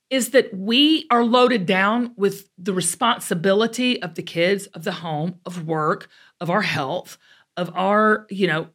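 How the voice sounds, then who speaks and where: Give me a middle-aged woman with a Southern American accent hosting a show, telling stories in a lively, chatty way. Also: medium pitch. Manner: chatty, animated storytelling with drawled asides. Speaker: host. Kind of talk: casual chat.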